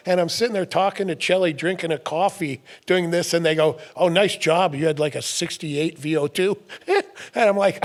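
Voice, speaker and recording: A middle-aged man co-hosting a casual podcast chat, telling lively stories, laughing often and acting out what others said. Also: a little high, normal speed. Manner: animated storyteller, laughs often, acts out quotes. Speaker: podcast co-host.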